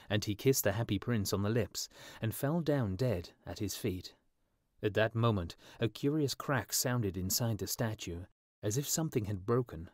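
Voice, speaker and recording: A male storyteller reads a fairy tale aloud in slow, clear scripted narration, paced for English learners. His voice sits fairly low. It is recorded close and very dry. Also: lively intonation, no echo.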